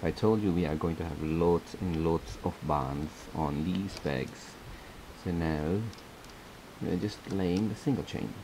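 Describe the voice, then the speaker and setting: A man's voice: low voice, unhurried, noisy background. A man hosting a casual step-by-step craft tutorial, chatty and laughing often as he repeats his instructions.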